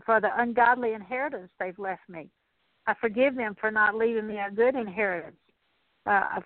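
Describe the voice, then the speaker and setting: A middle-aged woman leading a spoken prayer of repentance, slow and halting, with many fillers and repeated words. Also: a little high, dry recording. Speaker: Christian teacher. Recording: tinny dry phone-like radio recording.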